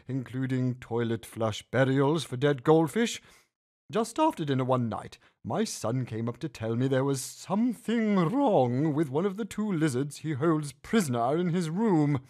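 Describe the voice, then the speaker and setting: Animated man reading a funny story. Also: on the high side. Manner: animated, puts on voices for the characters. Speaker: story narrator. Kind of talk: storytelling read-aloud.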